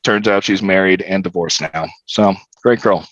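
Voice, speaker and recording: A man's voice: deep voice, moderate pace, fairly bright tone, no room sound, highs cut off. A young man, a podcast guest, telling a story in a candid, profane, wry way. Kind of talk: casual storytelling.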